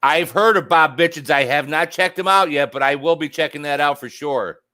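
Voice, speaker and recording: A man's voice: on the high side, moderate pace, bright, forceful tone. A man hosting a casual livestream, rambling and joking as he answers viewer comments. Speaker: livestream host.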